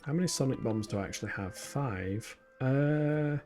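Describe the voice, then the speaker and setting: A man's voice: medium pitch, normal speed, few pauses, a little mellow, faint music behind. A young man streaming a game, chatting with his viewers and muttering to himself as he plays. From Yorkshire, England. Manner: chatty, self-mocking, mutters to himself while playing. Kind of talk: casual gameplay stream chat.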